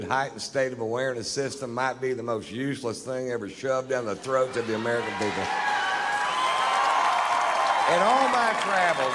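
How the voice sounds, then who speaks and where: A male stand-up comedian telling jokes on stage in a dry, deadpan drawl, with plenty of profanity. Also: medium pitch. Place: theater stage. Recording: live show in a reverberant hall with audience noise. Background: audience laughter.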